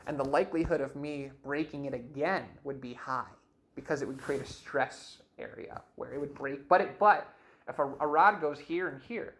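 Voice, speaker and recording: A young man telling his life story in an interview, in a casual, animated way, full of "like" and "you know what I mean", and acting out the dialogue he quotes. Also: fairly high pitch. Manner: acts out quoted dialogue in shifting voices.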